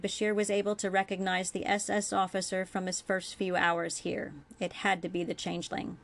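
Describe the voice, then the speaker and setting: Woman, author reading aloud, measured earnest narration, mid pitch. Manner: measured, earnest storytelling with small self-corrections. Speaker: author reading her own fan fiction. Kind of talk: audiobook-style reading.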